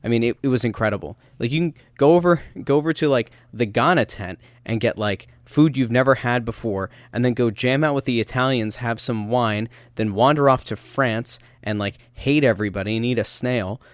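A man in his thirties co-hosting a casual soccer podcast, telling animated stories with lots of restarts. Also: mid-range voice, brisk, hardly any pauses, no echo. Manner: animated storyteller, rambling with restarts. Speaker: podcast co-host.

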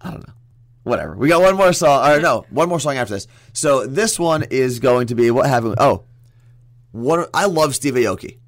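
A young man co-hosts a radio show in easy, joking banter, talking quickly. His voice sits at an ordinary middle pitch for a man. The sound is dry and close, with no room around it. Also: lively intonation, no echo.

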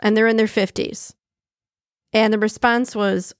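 A woman's voice: on the high side, slow pace, pauses often, no echo. Chatty woman podcast host, dry close sound. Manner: chatty, laughs often, animated asides. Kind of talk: casual daily-quote podcast reading.

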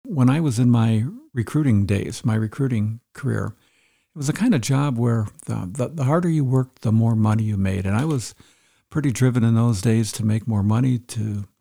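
Gravelly, husky middle-aged male teacher. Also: medium pitch, normal speed, mellow. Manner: earnest, explanatory, repeats key points. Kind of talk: instructional talk.

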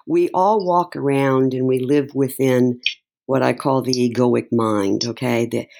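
A middle-aged woman, an interview guest, recounts a personal story in conversation, speaking emotionally and haltingly with many restarts. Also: extremely low pitch, creaky, darkish tone.

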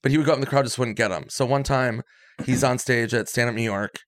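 Man, casual storyteller, acts out quotes, dry close mic, mid pitch. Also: fast talker, dry recording. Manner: animated storyteller acting out quotes. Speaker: guest comedian.

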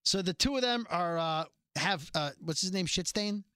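A man's voice: sits high, normal speed, clean tone, no echo, studio quality. A man co-hosting a podcast, casually recapping a TV episode, reading lines out and swearing along the way. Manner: recounts scenes, reads lines out flatly, swears. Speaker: podcast co-host.

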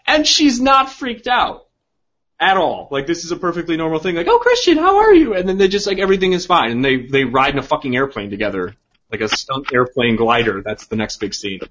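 A man's voice: mid-range voice, expressive, fairly quick, pushed and bright, muffled recording. A man co-hosting a casual comedic podcast, animatedly retelling and acting out movie scenes. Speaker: podcast co-host.

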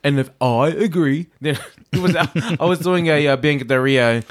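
A man's voice: fairly high pitch, moderate pace. A man co-hosting a casual recap podcast, rambling and laughing, sounding unwell. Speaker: podcast co-host.

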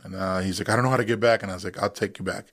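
Low-voiced man telling a vivid story. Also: rapid-fire. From United States. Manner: animated retelling, acts out quoted voices. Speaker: podcast guest, veteran. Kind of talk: casual storytelling.

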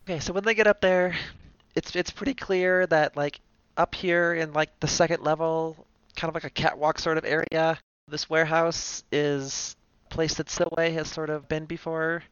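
A man playing a tabletop game, describing his character's actions in a halting, filler-filled way. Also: on the high side, flat delivery, a bit bright, clean tone, dry recording, highs cut off. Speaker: player.

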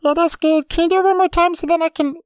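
A woman voicing Twig, an eager storyteller in a comedic podcast who narrates in a halting way, full of ums and pleading requests for help. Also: very high voice, steady tone, no echo. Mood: rambling. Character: eager rambling storyteller who upstages the host.

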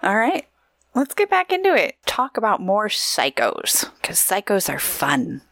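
A woman co-hosting a podcast in casual chat, giggly and chatty, reading out shout-outs and promos. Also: mid-range voice, huge pitch swings, a little slow, vocal fry, faint music behind. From Oregon, USA. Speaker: podcast co-host.

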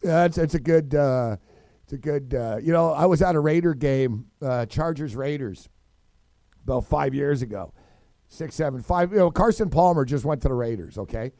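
A man on a sports radio show, animated, telling a story and shouting out other people's lines. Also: on the high side, moderate pace, dry recording, studio quality. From Southern California.

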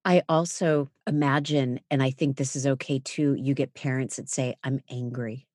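A woman hosts a podcast interview with a very low voice. She asks measured, empathetic questions and leaves room for her guest to answer. The recording is dry and close. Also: steady tone, darkish tone, dry recording. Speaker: podcast host.

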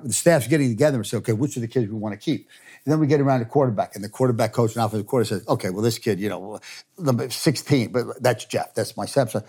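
An older man, a former football coach and executive, telling stories and giving advice in an interview, animated and laughing as he talks. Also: medium pitch. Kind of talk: storytelling interview answers.

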